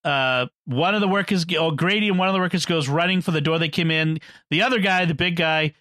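Bright-voiced man recapping a film. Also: a little high, fairly quick, dry recording, studio quality. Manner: recaps the plot, acting out characters' lines, laughs often. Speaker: podcast co-host. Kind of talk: casual film discussion.

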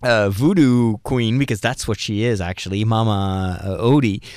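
A man's voice: on the low side, normal speed, darkish tone, smooth, no room sound, studio quality. A man hosting a podcast, talking through ideas in a casual, enthusiastic way with lots of restarts. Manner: enthusiastic, thinks aloud with restarts. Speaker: podcast host. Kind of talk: casual movie discussion.

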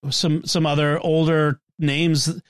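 Relaxed man hosting a podcast, slightly high voice. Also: slow pace, clear, resonant tone, no room sound, studio quality. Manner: laughs easily, relaxed. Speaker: podcast host. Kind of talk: casual panel chat.

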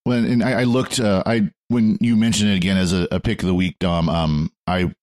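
A man's voice: low voice, steady tone, a little fast, darkish tone. A man co-hosting a podcast, chatting casually and turning earnest, almost ranting. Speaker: podcast co-host. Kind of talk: casual chat.

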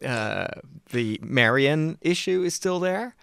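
A man's voice: on the high side, lively intonation, slow, gravelly, a bit bright, smooth, no room sound, clean studio sound. A man in casual chat about a TV show, musing aloud with many restarts. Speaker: podcast co-host.

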